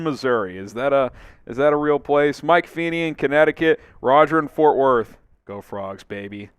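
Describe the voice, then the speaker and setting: An upbeat man hosts a live sports stream from a studio and runs through viewer shout-outs. His voice is smooth and resonant, recorded close and dry with no room sound. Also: mid-range voice, no room sound. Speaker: sports show host.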